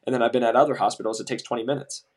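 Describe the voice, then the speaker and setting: A young man in casual podcast chat with a medium-pitched voice, recounting work stories with energy. He slips into quoted voices and swears freely along the way. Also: steady tone, very fast, breathy edge. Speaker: medical device sales rep, podcast co-host.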